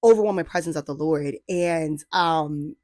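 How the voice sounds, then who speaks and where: A young woman in her twenties tells a personal story in a casual vlog. Her voice sits a little low, and the recording is dry and close. She talks with lots of "like"s and laughs, playfully acting out her own past thoughts. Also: normal speed, darkish tone, no room sound. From New Jersey. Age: 20s. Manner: laughs often, frequent fillers like "like". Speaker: vlogger. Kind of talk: casual faith-based storytelling chat.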